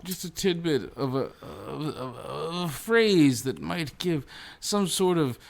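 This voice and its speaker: Deadpan bantering podcast man. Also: a little high, takes it slowly, creaky. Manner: deadpan jokes, rambling restarts. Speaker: podcast co-host. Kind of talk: casual chat.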